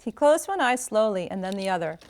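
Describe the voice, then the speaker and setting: A woman author reading a first-person passage aloud from her novel, in a steady, clear storytelling manner. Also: medium pitch, fairly quick, background noise.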